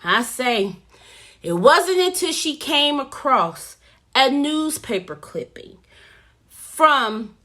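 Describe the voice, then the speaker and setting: A woman vlogger recapping a movie plot in a chatty, animated way and talking straight to her viewers. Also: high-pitched, slow pace. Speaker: movie reviewer. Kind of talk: casual plot recap vlog.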